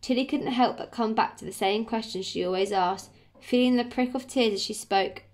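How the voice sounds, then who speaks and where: A woman's voice: on the high side, normal speed, a little mellow. A woman teacher with an English accent reading a children's story aloud to her pupils, stopping now and then to explain. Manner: friendly, explains as she reads. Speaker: primary school teacher.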